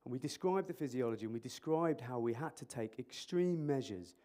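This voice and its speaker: A man's voice: medium pitch, brisk. A man speaking as an emergency clinician at a conference, joking and quizzing the audience through a microphone. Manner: animated, jokey, quizzing the audience. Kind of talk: interactive conference talk. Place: conference hall.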